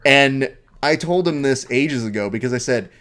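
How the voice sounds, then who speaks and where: A man hosts a casual live stream and tells stories with animated energy. He swears freely and talks in a loose, conversational way. His voice sits at an ordinary middle pitch. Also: moderate pace, slight background noise. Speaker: host.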